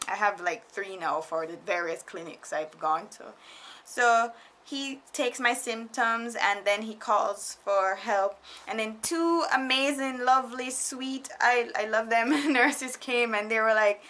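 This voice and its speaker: A young woman casually telling a storytime vlog, animated and laughing often, quoting people in put-on voices. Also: a little high, measured pace. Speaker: vlogger. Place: foreigner living in Japan.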